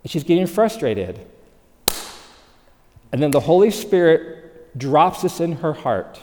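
Male preacher, upper-register voice, animated sermon delivery that drops to quiet intimacy, recorded in a hall with a long echo tail. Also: a little high, slow pace. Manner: animated, swings from loud emphasis to hushed softness. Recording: long reverb of a large hall.

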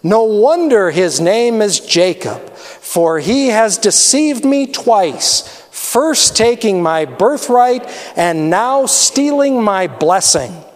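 A man's voice: high voice, sing-song, slow, exaggerated voice. A man voicing a desperate grown son who pleads in a raised voice. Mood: pleading. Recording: long hall reverb.

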